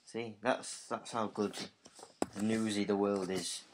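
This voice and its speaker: A man's voice: on the low side, fairly even intonation, slow, noisy background. A man hosting a comedy podcast alone, rambling and joking in a casual monologue. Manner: rambling, jokey, puts on silly accents. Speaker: podcast host.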